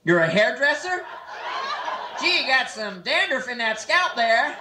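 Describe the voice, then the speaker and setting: A man in his twenties from San Francisco doing a live stand-up set, teasing the crowd quickly and playfully. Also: very high voice, big pitch swings. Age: 20s. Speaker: stand-up comedian. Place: comedy nightclub stage. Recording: echoey club, noisy old live tape. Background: audience laughter.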